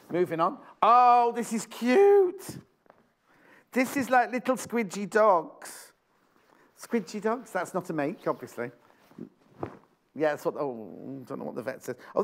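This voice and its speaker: Chatty British man selling on live TV. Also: high voice. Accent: British English. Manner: chatty, exclamatory, repeats prices and phrases. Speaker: shopping channel presenter. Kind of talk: live TV sales presentation.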